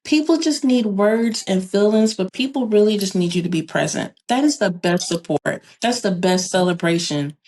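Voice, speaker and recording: Woman guest chatting on a podcast, lively storytelling, acts out quotes, mid-range voice. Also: medium pitch, moderate pace, few pauses. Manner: animated storyteller who acts out quoted dialogue. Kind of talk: casual chat.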